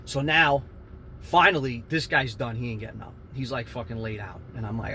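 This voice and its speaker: A man telling a profane fight story, animated and swearing constantly, shouting out the punches. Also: medium pitch, a little fast, a little hiss or hum.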